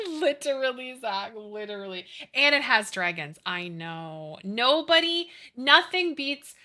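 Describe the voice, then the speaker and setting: Very bright giggly woman streamer. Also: a little high, sing-song, slow pace. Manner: gushing, giggly, talks to chat. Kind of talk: casual chat with chat while gaming.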